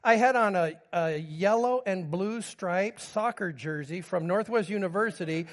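High-voiced man in his fifties preaching. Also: normal speed, hardly any pauses. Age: 50s. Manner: storytelling, moving between humor and grief. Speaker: pastor. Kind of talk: sermon with personal stories.

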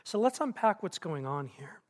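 A man preaching to his congregation in a church, animated, acting out quotes and asking the room questions. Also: high-pitched, moderate pace. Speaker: pastor. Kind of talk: sermon. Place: church auditorium.

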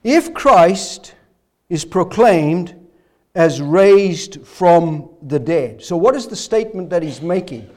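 Hoarse male pastor, expository sermon, animated high delivery, keeps coughing. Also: takes it slowly. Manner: expository preaching with rhetorical questions, coughing. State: hoarse, voice failing.

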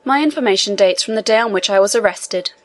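A woman's voice: medium pitch, quick pace, no echo, natural voice. A woman reading the lines of an elderly male prisoner priest who talks in an earnest, pressing way. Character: elderly male imprisoned priest, eager scholar.

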